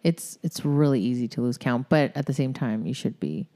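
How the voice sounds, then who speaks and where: Low, mellow-voiced woman chatting. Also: animated, normal speed. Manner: chatty, laughs often, trails off with filler words. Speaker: guest, CrossFit member. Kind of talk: casual chat.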